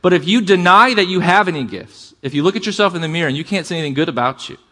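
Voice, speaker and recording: A man preaching a sermon to a congregation, calling for amens and shifting between fast bursts and slow, quiet emphasis. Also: high voice. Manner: energetic preaching, calls for amens, varies pace and volume. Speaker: pastor.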